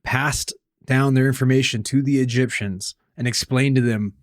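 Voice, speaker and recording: A man's voice: mid-range voice, fairly even intonation, normal speed, no echo, clean studio sound. A man co-hosting a podcast, cracking profane jokes in casual chat. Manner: joking, profane. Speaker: podcast co-host.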